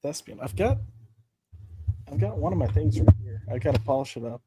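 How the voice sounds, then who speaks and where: A man's voice: medium pitch, animated, brisk, heavy background noise. A man co-hosting a casual comics podcast, rambling with lots of restarts. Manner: rambling, frequent fillers and restarts. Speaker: podcast co-host.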